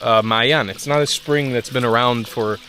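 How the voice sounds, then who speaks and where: A man's voice: mid-range voice, steady tone, moderate pace, noisy background. A young man talking to his camera outdoors in the countryside, a casual and candid travel vlogger who swears now and then. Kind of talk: casual travel vlog talk. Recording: music playing underneath the voice.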